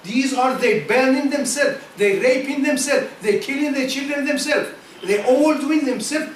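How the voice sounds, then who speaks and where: A man speaking to a gathering of scholars in broken English. He asks many rhetorical questions, repeats phrases, and chants quick Quranic verses in Arabic. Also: very high voice, a little hiss or hum. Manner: non-native broken English. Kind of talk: impassioned speech to an audience. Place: meeting hall at a community centre. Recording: echoey hall, voice from far off.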